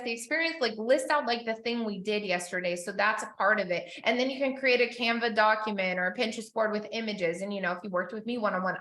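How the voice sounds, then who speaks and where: A woman coaching business owners in a live session, chatty and animated, acting out the people she quotes. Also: fairly high pitch, echoey room.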